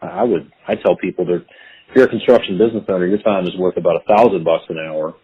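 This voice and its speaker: A man hosting a podcast, giving earnest advice in a relaxed interview with frequent restarts. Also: sits low, quick pace, a little hiss or hum. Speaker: podcast host. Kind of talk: conversational interview. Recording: phone-like lo-fi line.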